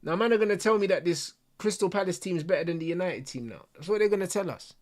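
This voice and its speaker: A man's voice: sits high, expressive, quick pace. A young man hosting a football watch-along, ranting in casual slang and swearing freely. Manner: heated, slang-heavy, swearing, addresses viewers and mates.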